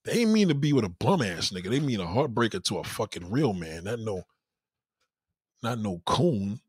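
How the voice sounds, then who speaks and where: A man's voice: lowish voice, moderate pace, slightly rough, no room sound, studio quality. A man chatting casually as a host, telling profane stories and acting out quoted people. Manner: animated, profane storytelling with mock-quoted voices. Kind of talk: casual chat.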